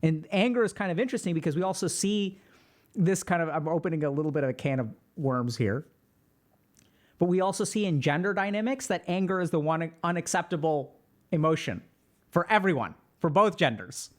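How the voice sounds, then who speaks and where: Calm, reflective man host. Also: fairly high pitch, fairly quick. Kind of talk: reading and commenting on a viewer post.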